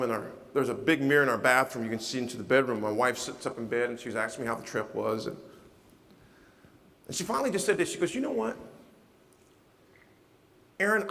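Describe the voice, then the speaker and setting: A man from Nebraska giving a motivational keynote speech, telling stories dramatically and swinging from hushed lines to shouting. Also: mid-range voice. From Nebraska, USA. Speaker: motivational speaker. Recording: reverberant hall sound.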